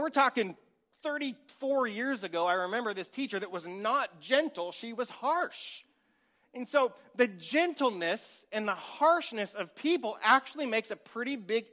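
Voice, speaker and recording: A man in his forties preaching a sermon, telling lively stories and acting out little scenes, sometimes dropping to a whisper. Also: very high-pitched. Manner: animated storytelling, acts out scenes, drops to a whisper. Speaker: pastor.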